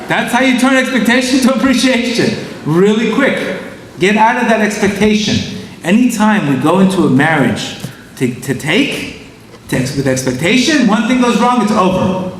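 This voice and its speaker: Echoey man giving a lively Torah talk. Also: on the high side, slight background noise. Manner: animated, asks the audience questions and answers them himself. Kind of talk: motivational Torah lecture. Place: large synagogue hall. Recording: echoey hall, heard from a distance.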